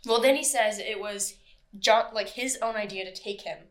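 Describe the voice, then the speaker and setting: A woman's voice: medium pitch, normal speed, crowd noise. A woman co-hosting a podcast, telling a true crime story in casual, chatty talk, swearing freely and acting out what people said. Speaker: podcast co-host.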